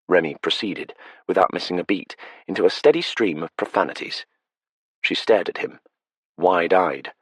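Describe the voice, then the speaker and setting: A man with a very deep, husky voice narrates an audiobook in a steady, measured way. The close studio recording is completely dry. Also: dry recording. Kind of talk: scripted narration. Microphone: close studio mic.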